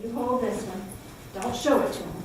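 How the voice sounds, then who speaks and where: A woman recounts a Bible story for a group of kids at a normal pace, her high voice lively as she exclaims and prompts them to echo lines. The recording comes from a distance in a strongly reverberant room, with slight background noise.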